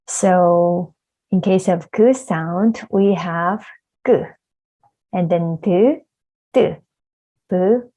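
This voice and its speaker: Lady teacher, talks real slow and patient, repeats every sound. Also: lowish voice, mellow, poor audio. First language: Korean. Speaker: language teacher. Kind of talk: slow spoken lesson.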